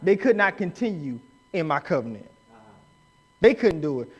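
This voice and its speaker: A man preaching a live sermon in church, emphatic and rising to shouts as he acts out the people he quotes. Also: a little high, very animated, moderate pace, breathy edge, dull audio. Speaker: pastor. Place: church sanctuary.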